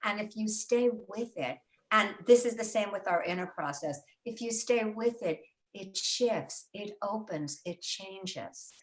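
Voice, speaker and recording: A woman's voice: mid-range voice, lively intonation, a little slow. An older woman author talking casually and animatedly about her writing, with many fillers and restarts, recorded in her home studio. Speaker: author and host. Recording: roomy echo.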